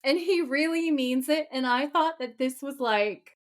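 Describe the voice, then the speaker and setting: A woman's voice: sits high, unhurried. A woman co-hosting a podcast, recapping a TV episode in casual chat and acting out the characters' lines as she goes. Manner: animated retelling, quoting the characters' lines. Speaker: podcast co-host.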